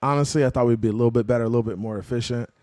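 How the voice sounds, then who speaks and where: A man's voice: mid-range voice, racing. A man in the middle of his voice range, hosting a post-game sports live stream. He talks in a loose, slangy way, greeting viewers and answering their chat messages with plenty of energy. The sound is dry, with no room echo. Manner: slangy, animated, calls viewers "bro" and "man".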